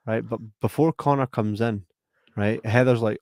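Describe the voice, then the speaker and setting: A man's voice: moderate pace, no echo. A Scottish man co-hosting a podcast, telling a story in casual chat, acting out the other people in it and laughing often. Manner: animated, acts out voices with big pitch jumps, laughs often. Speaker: podcast co-host.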